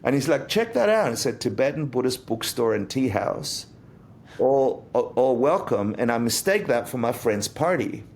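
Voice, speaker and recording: A man, a guest on an interview podcast, telling a personal story in a lively way and acting out the voices in it. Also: mid-range voice, normal speed. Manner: animated storyteller, acts out quotes. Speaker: interview guest, Buddhist teacher.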